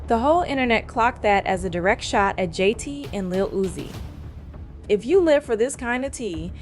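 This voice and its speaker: A woman's voice: on the high side, lively intonation, normal speed. Sassy woman narrating celebrity gossip. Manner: sassy, dramatic, slangy. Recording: faint music bed behind voice.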